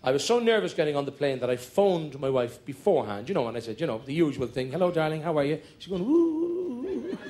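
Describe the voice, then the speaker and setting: A man's voice: mid-range voice, animated, quick pace, few pauses, darkish tone. A man telling comic stories on stage in a chatty, breezy way, breaking into short sung ditties. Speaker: stand-up comedian. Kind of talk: live comic storytelling. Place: stage at a hotel show. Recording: live stage, audience laughter, music.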